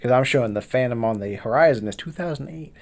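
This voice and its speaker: A man's voice: mid-range voice, fast. A man guesting on a podcast in a casual chat, laid-back and sighing before he answers.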